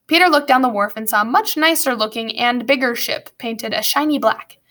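Woman narrating a storybook, slightly high voice. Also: brisk, sharp tone. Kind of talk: audiobook narration.

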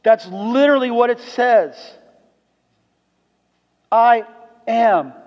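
A man pastor delivers a sermon in a church sanctuary. His voice is high and moves between emphatic preaching and soft, earnest tones. The room has a long, echoing reverb, and the recording sounds muffled. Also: slow.

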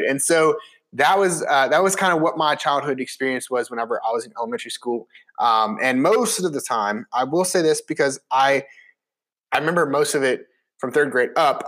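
A man in his twenties telling a casual personal story, chatty and animated with many fillers and restarts. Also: medium pitch. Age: 20s.

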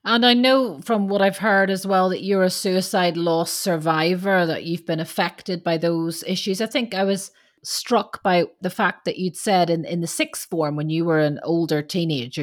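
A woman hosting a parenting and education podcast, reading a scripted introduction and then interviewing her guest in an articulate, measured, earnest way. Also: on the low side. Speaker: podcast host.

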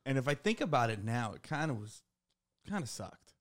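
A man co-hosting a comedy podcast, in casual joking banter and quick to laugh. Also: mid-range voice, big pitch swings. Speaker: podcast co-host.

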